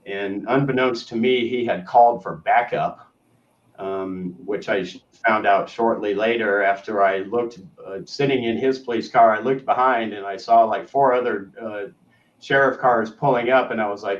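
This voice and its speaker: A man's voice: lowish voice, steady tone, moderate pace. Male co-host, rambling storyteller, muffled lo-fi audio, off-mic. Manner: rambling, trailing off to a murmur. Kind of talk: casual storytelling. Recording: roomy, distant, dull lo-fi sound.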